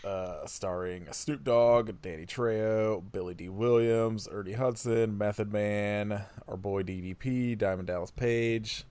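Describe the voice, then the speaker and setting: A man's voice: lowish voice, unhurried, hardly any pauses, darkish tone, clean tone, no echo. A man co-hosting a podcast, chatting loosely about a film with dry sarcasm. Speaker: podcast co-host. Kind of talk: casual film-review chat.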